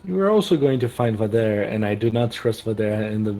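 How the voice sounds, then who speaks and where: A man's voice: lowish voice, expressive, a little fast, music in the background. A man playing a tabletop game who argues his point insistently. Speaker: player. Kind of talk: casual game chat.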